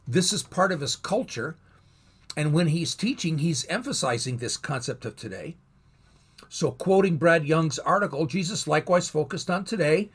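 A man teaching a Bible lesson in a thoughtful, explanatory way, pausing and restarting as he goes. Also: fairly high pitch, fairly bright tone, husky.

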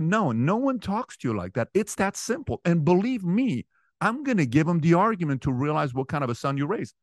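A man in his forties, an interview guest telling personal stories with animated energy, his voice rising sharply when he relives arguments. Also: fairly high pitch, a little fast, no room sound, studio quality. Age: 40s. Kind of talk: storytelling in conversation.

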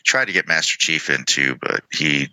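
A man co-hosting a casual podcast, chatting and reading passages aloud in a relaxed way. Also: extremely low pitch, normal speed, no echo, rough recording. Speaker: podcast co-host.

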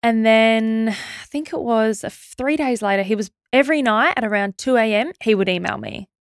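Animated woman with vocal fry. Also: fairly high pitch, no room sound, studio quality. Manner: animated, rapid retelling with fillers and restarts. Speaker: podcast guest. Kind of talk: casual storytelling interview.

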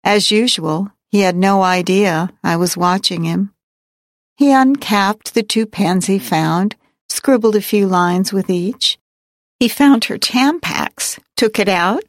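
A woman reading a novel aloud in first person, in a measured, wry and reflective way. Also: mid-range voice, dry recording, clean studio sound. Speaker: audiobook narrator. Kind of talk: first-person audiobook narration.

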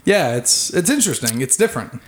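A man's voice: medium pitch, big pitch swings. A man co-hosting a casual podcast, teasing his bandmates and laughing a lot. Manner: teasing, quick with jokes, laughing. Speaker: podcast co-host. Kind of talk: casual chat over beers.

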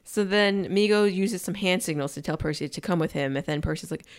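A woman's voice: fairly low pitch, a little fast. A woman casually recapping a movie with a friend, acting out the characters' lines in playful voices. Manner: animated, acts out character lines in funny voices.

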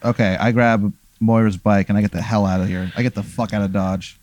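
A man's voice: lowish voice, steady tone, fairly quick, darkish tone, no room sound. A man playing a tabletop game, answering in a casual, easygoing way. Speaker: player.

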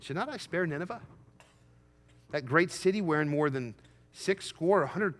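A man's voice: fairly high pitch, normal speed, in a large hall. A man preaching a sermon, reading scripture aloud and voicing the prophet with emphatic rises. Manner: emphatic, rising to excited peaks when voicing Jonah.

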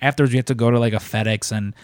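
Animated man telling a story, dry room. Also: mid-range voice, very fast, no room sound. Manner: animated storyteller, acts out quoted voices. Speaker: podcast host. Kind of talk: casual storytelling chat.

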